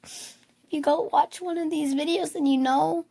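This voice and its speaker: A young woman with a hoarse voice chatting casually as she scrolls through pictures, cooing over the cute ones. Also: high voice, steady tone, normal speed, background noise. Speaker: vlogger. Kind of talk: casual screen tour.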